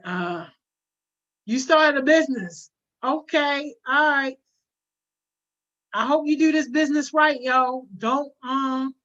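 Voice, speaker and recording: A woman hosts a casual livestream, reading viewer comments aloud with plenty of slang and frequent laughter. Her voice is a little high and fairly bright, captured in dull lo-fi audio.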